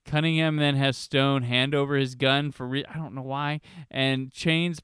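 A man's voice: mid-range voice, fairly even intonation, normal speed, fairly bright tone, clear, resonant tone, dry recording, studio quality. A man co-hosting a casual movie chat, recapping the plot in a laid-back way with chuckles and lots of filler. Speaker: podcast co-host.

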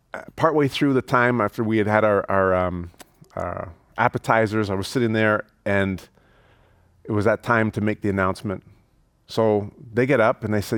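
A man's voice: fairly low pitch, no echo, clean studio sound. A man preaching a sermon as pastor, telling a story casually with frequent fillers and restarts.

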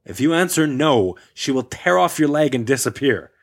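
A man's voice: medium pitch, big pitch swings, normal speed. A man hosting a casual podcast and reading a story aloud with playful humor. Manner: playful, laughs often. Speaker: podcast host.

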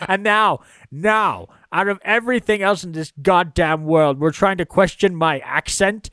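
A man doing a gruff, vain Scottish film star. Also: high-pitched, a little slow, a bit bright, dry recording, pitched above the performer's own voice. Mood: ranting. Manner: cursing, indignant rant.

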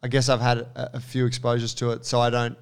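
A man telling a story in casual podcast chat, rambling and animated with lots of fillers and restarts. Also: medium pitch, fast talker, creaky, clean tone.

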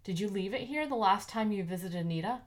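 A woman voicing an eager, chatty adult woman in an audiobook, pitched higher than her own voice. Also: animated, fast talker, close to an everyday voice. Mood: curious. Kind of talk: audiobook character voice.

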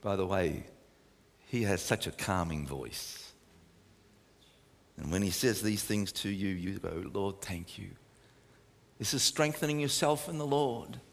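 A man preaching a sermon, moving from emphatic, raised delivery down to soft, hushed near-whispers. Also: lowish voice, expressive, a little slow, creaky, pauses often, long reverb tail. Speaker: pastor.

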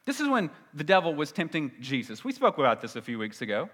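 A man preaching a sermon in a conversational way, moving from loud emphasis to quiet asides. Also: on the high side, huge pitch swings, fast, in a large hall. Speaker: pastor.

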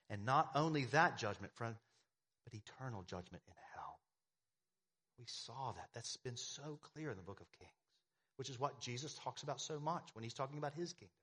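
A man's voice: mid-range voice, fairly bright tone, breathy edge. A man preaching a sermon as pastor, emphatic, with repeated phrases and rhetorical questions to the congregation.

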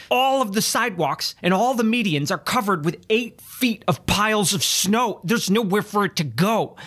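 A man's voice: high-pitched, a bit bright. A man from Chicago hosting a comedy podcast, ranting in an exasperated, emphatic way about small annoyances. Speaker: podcast host. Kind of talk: comedic rant.

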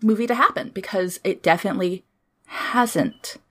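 A woman co-hosting a casual podcast, jokey and excitable, with some swearing. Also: medium pitch, moderate pace. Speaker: podcast co-host.

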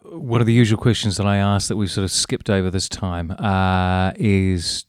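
A man's voice: low-pitched, flat delivery, normal speed, smooth. A man hosting an interview, asking questions casually with some hesitant fillers. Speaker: interview host.

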